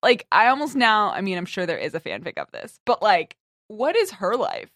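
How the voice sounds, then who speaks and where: Woman co-host, laughs a lot and rambles, lively pitch, dry close sound. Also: moderate pace, no echo. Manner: giggly, rambling, full of "like". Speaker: podcast co-host. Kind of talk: casual chat.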